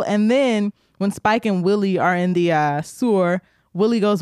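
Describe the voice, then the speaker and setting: A woman co-hosting a podcast, drunk, chatting casually with crude jokes and loud laughs. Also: medium pitch, normal speed, clear, resonant tone, dry recording, clean studio sound. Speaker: podcast co-host.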